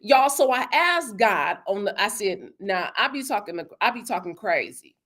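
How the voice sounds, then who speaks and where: A woman hosting a motivational talk, speaking emphatically and with lots of repetition, calling her listeners y'all and baby, and softening her voice when she acts out conversations. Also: mid-range voice, lively intonation, normal speed. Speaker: host.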